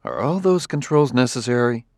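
A man voicing a gruff, impatient male detective who speaks curtly in an audiobook. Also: mid-range voice, lively intonation, normal speed, a little mellow, dry recording, clean studio sound. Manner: curt, growling.

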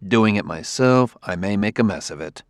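A man's voice: fairly low pitch, lively intonation, normal speed, no room sound, studio quality, close to an everyday voice. A man voicing a blunt, impatient male detective who gives orders brusquely. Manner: brusque, commanding.

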